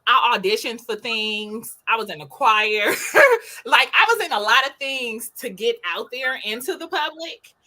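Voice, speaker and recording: A woman's voice: fairly high pitch, expressive, unhurried, sharp tone. A woman co-hosting a casual chat, speaking in an emphatic, earnest way and repeating her points. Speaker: co-host.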